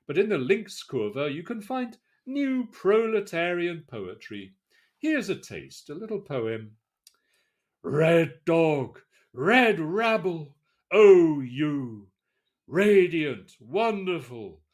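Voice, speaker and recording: A man performs a scornful, sarcastic middle-aged novelist in a dramatic reading. The voice rises and plunges constantly, with a highly animated melody. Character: sardonic middle-aged male novelist mocking critics.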